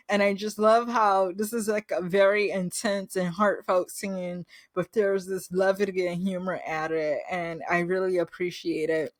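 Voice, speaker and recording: A woman's voice: mid-range voice, steady tone, measured pace, dry recording. A woman host gushing through a casual recap review, losing her words and acting out quoted lines.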